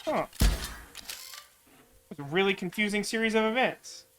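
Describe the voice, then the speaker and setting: A man's voice: high voice, animated, normal speed, noisy background. Man thinking aloud over a card game. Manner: chatty, thinking aloud, wry. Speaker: streamer. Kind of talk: let's-play commentary.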